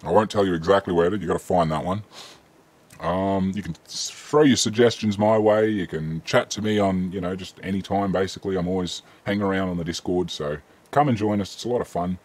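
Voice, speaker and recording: A man's voice: sits low, fairly quick, a little mellow. An Australian man hosting a casual live-stream Q&A, chatting easily and reading viewer questions aloud with frequent ums.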